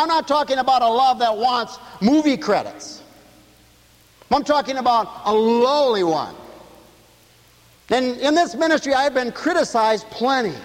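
A man preaching with a high voice that leaps all over the place, crying out some lines and chuckling through others. His sermon rings with a long reverb, as in a big church hall. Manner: animated preaching, shouting and laughing at his own jokes. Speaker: pastor. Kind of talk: radio sermon.

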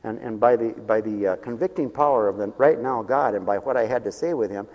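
A middle-aged man preaching a storytelling sermon, rambling with restarts and swinging from hushed asides to loud, dramatic outbursts. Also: lowish voice, brisk, muffled recording. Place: church with a balcony. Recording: long reverb from a church hall.

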